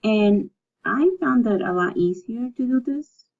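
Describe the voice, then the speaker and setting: A woman teaching a recorded language lesson, speaking slowly and patiently and repeating words so learners can practice. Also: on the high side, expressive, gravelly, a little mellow. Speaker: Spanish teacher. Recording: dull lo-fi recording.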